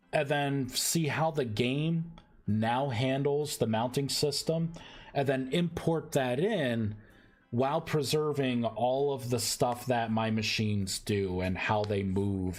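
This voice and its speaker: A man streaming live as he codes a game mod, thinking aloud in a halting way and often repeating words. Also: medium pitch, soft background music. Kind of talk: live-stream coding commentary.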